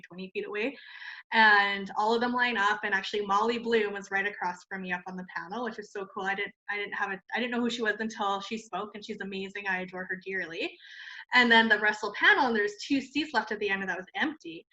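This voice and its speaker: A woman who founded a cosmetics company tells a story in an interview, animated, laughing often and filling her talk with "like". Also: mid-range voice. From Canada. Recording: muffled lo-fi sound.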